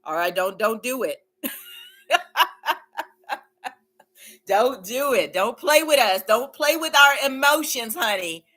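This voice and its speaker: A woman's voice: on the high side, lively intonation, slow, pauses often, pushed and bright. A woman hosting a casual livestream, reading viewer comments aloud and cheering them on with frequent laughter and repeated phrases. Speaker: livestream host.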